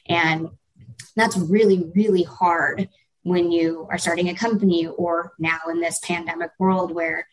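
Woman, webinar host, reflective, conversational, fairly low voice. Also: fairly even intonation, a little slow, poor audio. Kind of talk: webinar talk. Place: home office.

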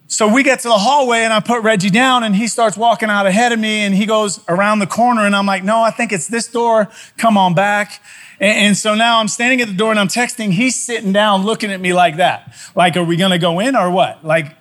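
A middle-aged man, a pastor, telling a self-mocking story in a sermon with animated, lively delivery. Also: sits high, fairly quick.

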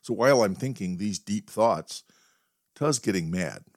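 A man hosting a podcast, telling a wry, deadpan story in a monologue. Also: lowish voice, unhurried, dry recording, studio quality. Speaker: podcast host.

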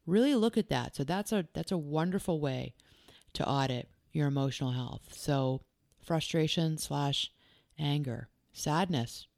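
A woman's voice: sits low, unhurried, creaky, a little mellow, dry recording, studio quality. A woman who works as a life coach and hosts a podcast. She talks earnestly and directly, firing off strings of probing questions and repeating key phrases for emphasis.

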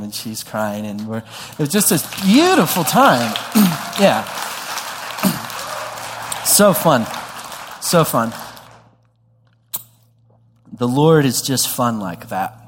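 A man telling a story in a sermon, animated and self-deprecating, with frequent restarts. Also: mid-range voice. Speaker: pastor. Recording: long hall reverb.

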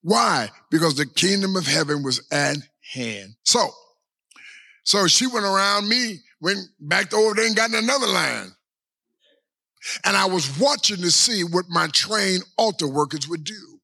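A male pastor preaching a sermon with a gravelly, husky edge to his voice. His tone is bright and somewhat high for a man. He stretches out his phrases and keeps turning to the congregation with rhetorical questions. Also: lively intonation. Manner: preaching with long drawn-out pauses and repeated rhetorical questions.

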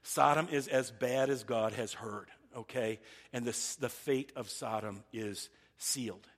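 Guy giving a sermon, kinda husky, earnest, keeps stumbling n restarting. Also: medium pitch. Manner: earnest, halting with frequent restarts. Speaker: pastor.

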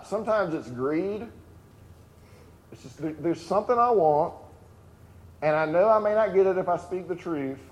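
A man's voice: fairly high pitch, a little mellow. Man preaching a conversational sermon. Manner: conversational, with restarts and asides; reads lists of items aloud with emphasis. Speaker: pastor.

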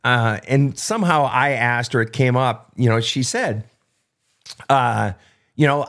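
A man's voice: mid-range voice, unhurried, a bit bright. A man hosting an unscripted advice show, answering listener questions in a blunt, emphatic way, with frequent profanity and repetition.

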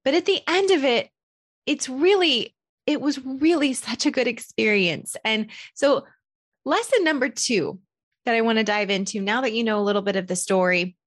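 Slightly high-voiced woman telling a candid story. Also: moderate pace. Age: adult parent. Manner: candid, animated, self-deprecating. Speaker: podcast host. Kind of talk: casual personal storytelling.

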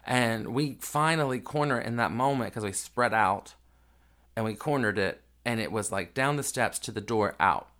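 Speaking at a moderate pace, a man with a mid-range, slightly bright voice hosts a podcast. He tells a family story in an unpolished, emotional, casual monologue.

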